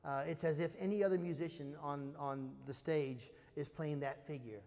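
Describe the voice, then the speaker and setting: A man, a percussion lecturer, teaching snare drum études in a relaxed spoken style, singing out rhythms with scat syllables. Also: a little high, moderate pace, long reverb tail. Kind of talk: spoken music instruction.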